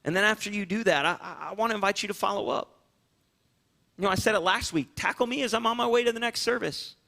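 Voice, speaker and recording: Bright high-voiced man pastor preaching. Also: quick pace, vocal fry. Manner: earnest, repetitive pleading cadence. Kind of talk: sermon. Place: church sanctuary, also streamed online.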